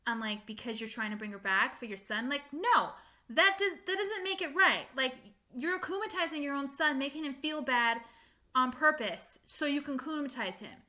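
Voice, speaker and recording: A young woman ranting casually to her viewers, animated and exasperated, with frequent laughs and fillers. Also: high-pitched, moderate pace. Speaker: fan vlogger. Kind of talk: casual rant to camera.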